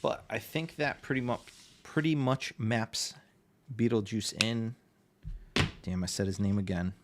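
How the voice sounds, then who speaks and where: A man's voice: fairly low pitch, steady tone, measured pace, background noise. A man with a Northeastern American accent, chatting casually with his livestream audience while drawing. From Connecticut, USA. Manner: chatty, reads chat aloud, laughs often. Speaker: livestreaming artist.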